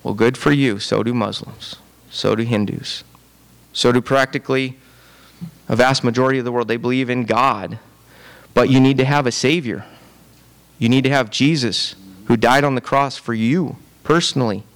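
A man's voice: mid-range voice, steady tone, normal speed. A man preaching a sermon in a conversational, repetitive way, often checking in with "right?". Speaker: pastor.

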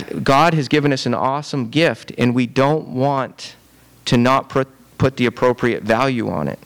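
A man's voice: medium pitch, fairly bright tone, smooth. Man preaching a conversational sermon. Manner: conversational preaching, repeats words, often asks "right?". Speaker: pastor.

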